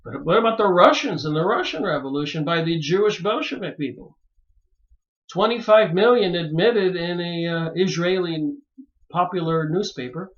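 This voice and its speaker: Brief: man with a high voice, emphatic monologue, dull lo-fi sound. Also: animated, moderate pace. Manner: emphatic, rising to pleading exclamations. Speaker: video maker reviewing books. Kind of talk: monologue to camera.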